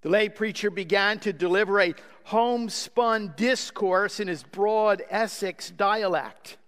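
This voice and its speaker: A man's voice: high voice, measured pace, hardly any pauses, fairly bright tone. A man preaching a sermon as pastor, praying earnestly and then telling a story. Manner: earnest, prayerful. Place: church sanctuary. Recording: long hall reverb.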